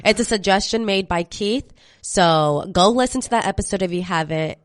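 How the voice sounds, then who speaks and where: A woman's voice: mid-range voice, moderate pace, dry recording, studio quality. A young woman co-hosting a casual movie podcast, a little congested from a cold, chatty with fillers and restarts. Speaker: podcast co-host.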